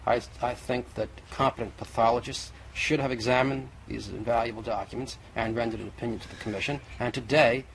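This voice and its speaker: A man's voice: mid-range voice, steady tone, brisk, vocal fry, hardly any pauses. A man arguing as a guest in a televised debate, insistent and methodical, in an old TV recording. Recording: faint noisy old TV recording.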